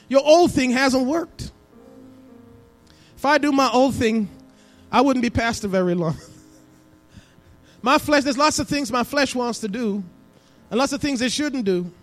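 Male pastor, high-pitched, church sermon with dramatic hushes and swells, faint music behind. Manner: preaching with swings between hushed and emphatic delivery. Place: church sanctuary.

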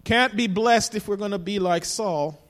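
Male pastor, high-pitched, preaching with rising emphasis in a church with long reverb. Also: moderate pace. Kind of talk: sermon. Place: church sanctuary.

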